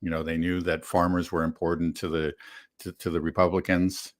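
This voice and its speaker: Deep-voiced man, measured talk. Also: little pitch movement. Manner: measured, many fillers, laughs often. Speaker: co-host. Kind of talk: casual political chat.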